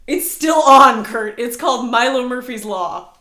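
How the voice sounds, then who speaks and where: A woman in her thirties co-hosting a podcast in casual chat, talking in a lively, emphatic way and acting out what people say. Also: a little high, measured pace. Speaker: podcast co-host. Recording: echoey room.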